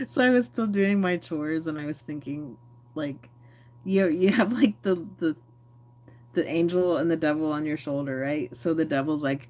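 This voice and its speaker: A woman's voice: deep voice, unhurried, long pauses, darkish tone. A woman chatting candidly and rambling on a phone livestream, answering viewer comments. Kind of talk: casual live-stream chat.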